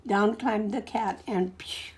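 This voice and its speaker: A woman in her forties reading a picture book aloud to a child, gently stopping to point things out and ask questions. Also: medium pitch, slow. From California, USA. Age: 40s.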